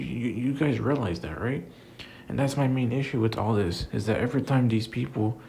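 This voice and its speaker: A man's voice: mid-range voice, gravelly, darkish tone, slight background noise. A man giving a heated, repetitive rant about wrestling, swearing often and stacking up fillers. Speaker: wrestling commentator. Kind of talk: ranting commentary.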